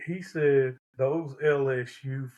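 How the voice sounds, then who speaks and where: A man co-hosting a podcast, chatting casually with quick, laughing reactions and relaxed Southern phrasing. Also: medium pitch, highs cut off. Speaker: podcast co-host. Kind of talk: casual chat.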